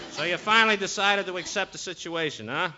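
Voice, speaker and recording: A man's voice: sits high, sharp tone. A man playing the pianist sidekick in a 1940s radio comedy, wry and a bit pompous. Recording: dull old radio broadcast.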